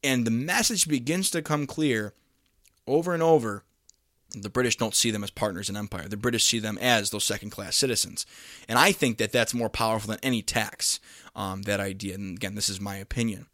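A man's voice: lowish voice, fairly quick, no echo, clean studio sound. Chatty man giving a history lecture. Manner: conversational, many fillers and restarts, lively emphasis. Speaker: history teacher. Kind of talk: casual lecture.

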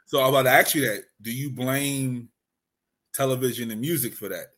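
A man's voice: medium pitch, fairly quick, a bit bright. Male co-host, leads the discussion, asks questions, medium voice. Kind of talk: casual chat.

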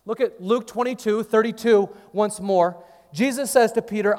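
High pitched preacher guy, acts out the story, lots of hall reverb. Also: moderate pace, a little mellow. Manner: dramatic storytelling with acted-out dialogue. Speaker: pastor. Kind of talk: sermon.

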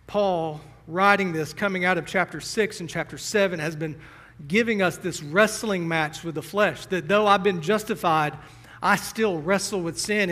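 Young male pastor, earnest sermon delivery, somewhat high voice, teary, long church reverb. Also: fairly bright tone. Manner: earnest, emotional, addresses the congregation directly. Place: church sanctuary.

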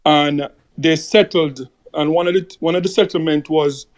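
A man with a slightly raised pitch chats casually on a podcast. He rambles through a story, circling back with "you know" and "like" as he goes. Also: steady tone, normal speed. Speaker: podcast co-host. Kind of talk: casual chat.

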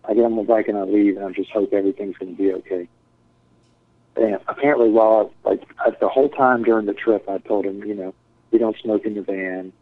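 Low-voiced man telling a profane story. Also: steady tone, brisk. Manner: profane, rambling, acts out quotes. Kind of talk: casual storytelling. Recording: tinny phone-like dry sound.

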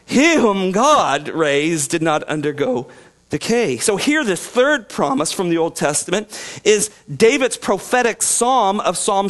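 High-voiced animated male preacher. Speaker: pastor. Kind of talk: sermon. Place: church sanctuary.

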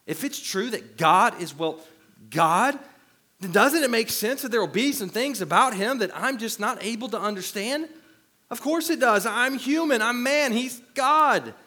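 A male pastor preaching with a high, bright voice that swings widely in pitch. His delivery is animated, and he jokes at his own expense. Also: measured pace. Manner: animated, self-deprecating humor. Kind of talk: sermon.

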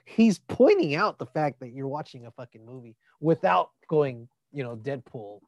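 A man chatting casually about a movie, expressive and profane, thinking aloud. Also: mid-range voice, moderate pace, no room sound, lo-fi sound.

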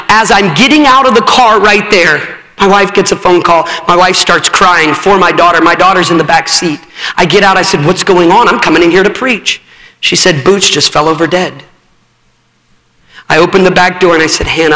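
Man, preacher, sermon, urgent storytelling, high bright voice, church hall reverb. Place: church sanctuary.

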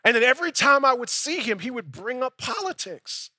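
A man's voice: very high-pitched, very animated, a little fast, pushed and bright, slightly rough, dry recording. A young adult male pastor preaching a sermon in a conversational storytelling way, acting out both sides of his dialogues.

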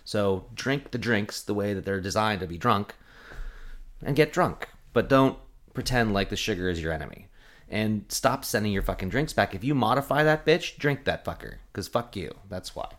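A man's voice: lowish voice, lively intonation, moderate pace. Ranting sarcastic bartender man. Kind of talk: casual podcast chat.

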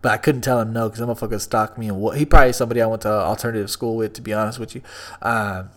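A man's voice: lowish voice, fairly even intonation, rapid-fire. A young man from Texas hosting a solo podcast, telling stories in a profane, laid-back way. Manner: profane, storytelling, laid-back then hyped outro. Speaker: podcast host.

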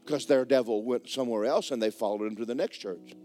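A man preaching a sermon as the pastor of a church, telling a story in a lively way that swings between hushed and loud. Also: mid-range voice, fairly quick. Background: faint guitar music.

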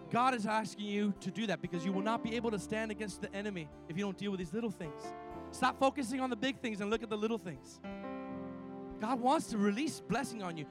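High-voiced animated preaching pastor. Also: male voice. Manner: animated storytelling with call-and-response. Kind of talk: sermon.

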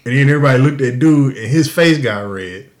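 A man hosting a podcast, telling a crude story in a profane, animated way and laughing often. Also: mid-range voice, brisk. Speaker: podcast host. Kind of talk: casual storytelling.

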